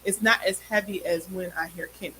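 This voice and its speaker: A woman from Pittsburgh with a Pittsburgh accent, co-hosting a casual radio chat and chiming in with quick agreement. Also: on the low side, steady tone, sharp tone, a little hiss or hum, rough recording. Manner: quick, chatty, with agreeing murmurs. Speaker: podcast co-host.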